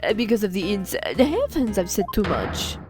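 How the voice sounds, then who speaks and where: A woman's voice: mid-range voice, big pitch swings, normal speed, lightly acted. A woman voicing a haughty, eccentric female aquarium patron in a mock French accent, over game music. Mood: flustered. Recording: music playing behind.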